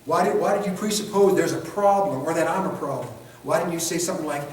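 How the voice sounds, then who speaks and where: A man with a high voice leads a training class in a casual, conversational way, throwing rhetorical questions at the room and slipping into quoted voices to act out scenes. He sounds set back from the mic, in a space that rings with heavy echo. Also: slight background noise. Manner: acts out quick street scenarios in quoted voices. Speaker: instructor. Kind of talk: classroom lecture. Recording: echoey room, picked up from a distance.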